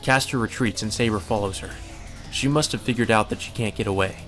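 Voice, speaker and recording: A man's voice: fairly low pitch, fairly quick, a bit bright, soft background music. A man hosting a let's play, reading a visual novel's narration aloud and breaking in with casual swearing asides.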